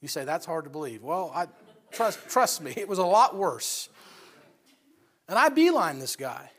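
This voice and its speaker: A man with a fairly high voice preaches a sermon in an emphatic, folksy way. He tells casual stories between scripture points, and his voice climbs to loud, forceful peaks. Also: very animated, unhurried. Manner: folksy with storytelling asides.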